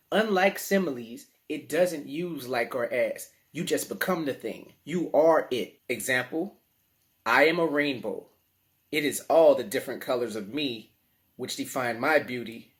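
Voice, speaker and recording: A man with a New Orleans accent, teaching children in a playful, slangy, animated way. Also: medium pitch. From New Orleans, USA. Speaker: teaching artist. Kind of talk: children's lesson to camera.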